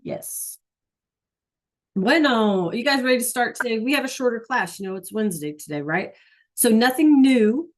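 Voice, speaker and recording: A woman's voice: a little high, lively intonation, normal speed. A middle-aged woman teaching a Spanish class over a video call, chatty and encouraging, often checking in with "right?".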